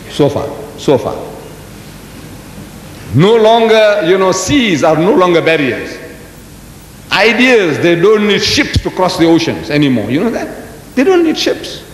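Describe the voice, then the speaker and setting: An older man in his seventies lectures in a big hall, his voice bouncing through a lively, sweeping pitch range. He tells stories with emphatic leaps and pointed rhetorical questions. The sound carries a long, roomy reverb over a faint rumble. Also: moderate pace. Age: 70s. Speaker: Islamic lecturer. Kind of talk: lecture delivered to a live audience.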